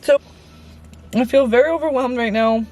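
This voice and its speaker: A woman's voice: on the high side, moderate pace, darkish tone, soft background music. A young woman in her late teens vlogging from inside her car, rambling candidly as she vents to her viewers. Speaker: Christian influencer vlogger. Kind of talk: casual confessional vlog. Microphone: on-camera mic.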